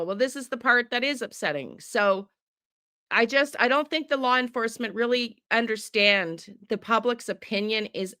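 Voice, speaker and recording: A woman's voice: a little high, sharp tone, no echo, studio quality. A middle-aged woman ranting with heavy profanity while chatting with viewers on her livestream. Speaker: true crime tarot livestreamer. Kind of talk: casual livestream talk with chat.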